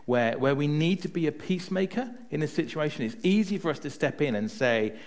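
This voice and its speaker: Lively, chatty male preacher. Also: on the high side, fairly quick. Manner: chatty, often adds "right?" to check in with listeners; tells personal stories to make a point. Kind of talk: conversational sermon.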